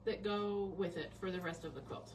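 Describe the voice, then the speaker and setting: A woman's voice: mid-range voice, normal speed, recorded from a distance, poor audio. Friendly woman teaching quilting live. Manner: friendly, explanatory, laughs often. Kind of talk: casual live sewing lesson.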